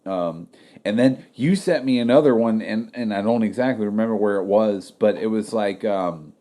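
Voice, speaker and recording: A man's voice: fairly low pitch, moderate pace, mellow. A man co-hosting a podcast, telling a story in a rambling way, full of "like" and casual swearing. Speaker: podcast co-host. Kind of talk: casual chat.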